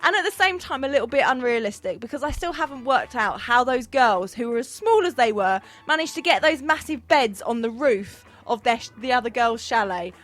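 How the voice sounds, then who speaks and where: A woman's voice: on the high side, expressive, a little fast, few pauses, fairly bright tone. A woman co-hosting a casual chat, gushing enthusiastically about films. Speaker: co-host.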